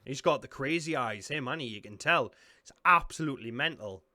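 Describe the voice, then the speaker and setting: A young man with a Geordie accent, reacting to a film with excitable, sweary commentary. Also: mid-range voice, brisk, dry recording. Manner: excitable, sweary, blurts out shock. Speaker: reaction video host.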